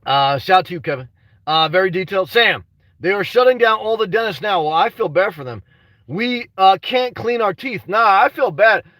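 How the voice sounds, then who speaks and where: A young man on a casual livestream, reading chat aloud and talking restlessly, tacking "man" onto almost every line and now and then rising to shouts. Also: high voice, animated, normal speed, no room sound, distant mic. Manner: restless, says "man" constantly, swings to shouting. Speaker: vlogger reading live chat.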